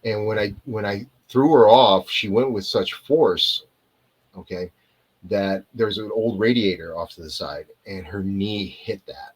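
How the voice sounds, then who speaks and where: A man's voice: fairly low pitch, measured pace, slightly rough, poor audio. A male actor telling stories as an interview guest over a video call, rambling and digressing, often losing his point and coming back to it. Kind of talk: casual storytelling in a live interview.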